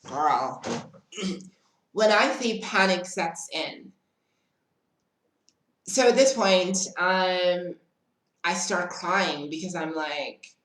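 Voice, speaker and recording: A woman's voice: lowish voice, drawn-out words, long pauses, fairly bright tone, reverberant, rough recording. A woman telling a dramatic storytime in casual chat, often calling the listener "girl". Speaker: storytime vlogger.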